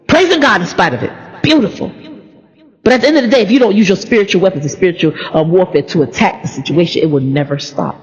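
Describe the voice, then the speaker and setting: A woman preaching an informal, animated sermon that mixes personal stories with repeated phrases. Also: lowish voice, fast, faint music behind. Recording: dull recording in a reverberant hall.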